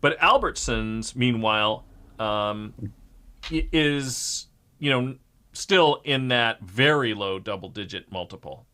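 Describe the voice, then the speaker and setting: A man talks markets in a relaxed, searching way. His voice is bright and forward, and he pauses on fillers and restarts his sentences as he thinks aloud. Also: mid-range voice. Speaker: show host. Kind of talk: casual market chat.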